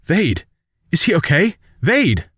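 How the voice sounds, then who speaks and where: A man's voice: expressive, moderate pace, breathy edge, dry recording, studio quality. A man voicing a young furry alien woman, a determined militia fighter, in a raised earnest voice. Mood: desperate. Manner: pitched up, earnest, cries out in alarm.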